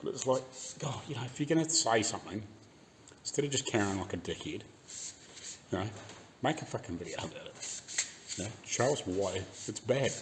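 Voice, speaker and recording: A man's voice: on the low side, expressive, a little fast, pauses often, slight background noise. A man with a New Zealand accent ranting casually in his garage workshop, swearing freely and laughing often. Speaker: car restoration YouTuber. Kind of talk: casual rant while working in garage.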